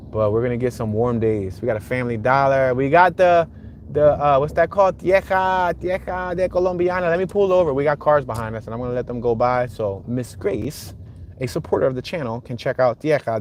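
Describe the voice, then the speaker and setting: Male street-tour streamer, relaxed and talkative, speaking from behind the wheel. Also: medium pitch, slight background noise. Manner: chatty, reads viewer comments aloud and greets chatters. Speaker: livestream host driving a neighborhood tour. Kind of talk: casual live commentary while driving. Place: inside a car on city streets.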